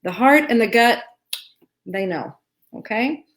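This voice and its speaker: A woman's voice: on the high side, expressive, slow. A woman from Arkansas co-hosting a live spiritual Q&A, talking in a reassuring, chatty way and laughing often. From Arkansas, USA. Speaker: co-host. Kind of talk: live Q&A chat. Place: home.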